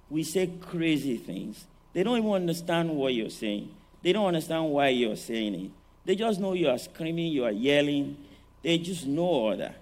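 A man preaching a sermon on parenting, animated and rhetorical, often checking in with his listeners. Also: fairly high pitch. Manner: animated, rhetorical, often asks "all right?".

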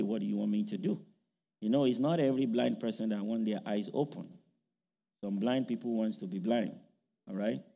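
A man delivers a sermon, full of repeated questions and halting fillers, and he shouts out a quoted plea now and then. His voice is mellow and warm. It rings with the long reverb of a big hall. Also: medium pitch, gravelly. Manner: rhetorical questions, fillers, rises to shouting when quoting. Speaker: preacher.

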